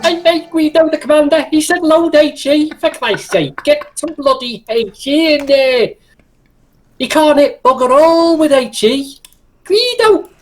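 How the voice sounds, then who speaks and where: A man voicing a brash Scouse tank crewman who shouts orders and curses cheekily. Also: extremely high pitch, unhurried, soft background music, pitched above the performer's own voice. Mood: exasperated.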